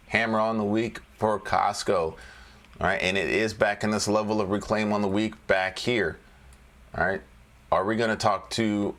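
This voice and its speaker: A man's voice: on the low side, a bit bright. A man casually walking through stock charts as a trading educator, joking and repeating phrases as he goes.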